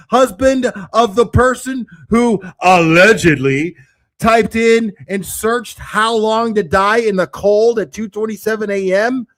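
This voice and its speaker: A man rants in casual commentary, cursing often and dripping with sarcasm. His voice sits somewhat high for a man, and he sounds openly exasperated throughout. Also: a bit bright.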